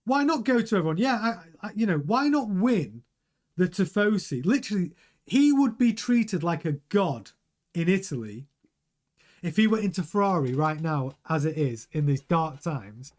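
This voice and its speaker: A man's voice: high-pitched, moderate pace. A middle-aged man hosting a live stream, talking casually and animatedly and often restarting his sentences while he reads the chat. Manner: chatty, animated, repeats words and restarts. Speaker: show host reading live chat.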